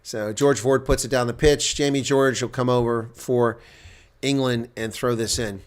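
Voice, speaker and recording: A man giving live reaction play-by-play commentary on a rugby match, getting loud on big plays and dropping to quiet asides. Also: mid-range voice, steady tone, normal speed.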